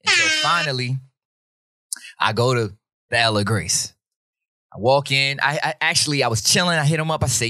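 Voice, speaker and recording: Guy hosting a podcast, bright voice, dry close mic, super animated storytelling. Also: mid-range voice, a little fast, pauses often, dry recording. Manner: animated, slangy, acts out quoted voices. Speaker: podcast host. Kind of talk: casual storytelling chat.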